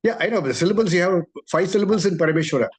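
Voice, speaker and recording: A man's voice: high voice, very fast, slightly rough. A man, a student politely questioning his teacher about syllable counts. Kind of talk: question in class.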